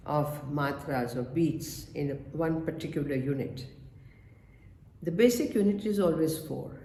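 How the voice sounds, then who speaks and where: A man giving a webinar lecture on rhythm in music and dance, counting beats aloud and pausing often. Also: on the high side, mellow. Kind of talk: slow spoken lecture. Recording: echoey room, faint background noise.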